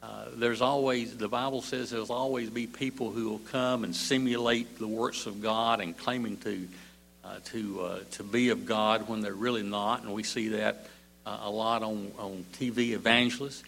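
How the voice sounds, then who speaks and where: Gravelly older man preaching haltingly. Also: on the low side, steady tone, a bit bright, slight background noise. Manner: slow and halting, many "uh" fillers and repeated words. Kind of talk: sermon.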